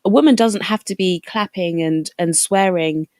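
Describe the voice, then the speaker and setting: A woman guest lays out her side calmly and firmly, point by point. Her voice sits slightly low. The recording is close and dry, with no room around it. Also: normal speed, no room sound. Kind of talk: casual debate on a livestream.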